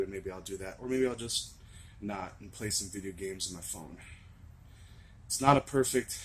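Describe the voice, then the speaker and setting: A young man with a raspy voice, talking earnestly and rambling to camera in a confessional vlog. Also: fairly low pitch, slight background noise. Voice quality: raspy from screaming. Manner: earnest, rambling, swings from shouting to laughing to soft musing. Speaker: vlogger.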